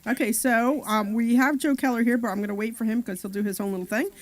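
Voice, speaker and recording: A woman's voice: a little high, fairly even intonation, quick pace. A woman co-hosting a talk radio show, chatting and reading sponsor numbers and websites. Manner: chatty, reads out sponsor details. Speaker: radio co-host.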